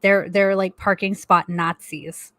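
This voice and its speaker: A middle-aged woman co-hosting a live stream from home, spilling a story with plenty of swearing and quick laughs. Her voice sits at an ordinary pitch and sounds close and dry, with no room around it. She is animated and blunt throughout. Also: no room sound. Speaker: co-host of a live stream chat. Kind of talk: casual profane storytelling.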